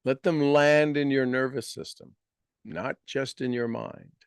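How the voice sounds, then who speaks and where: A man giving a motivational talk to an audience, explaining ideas earnestly and guiding listeners through slow, deliberately repeated affirmations. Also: medium pitch, fairly even intonation, vocal fry, clear, resonant tone, no room sound, clean studio sound.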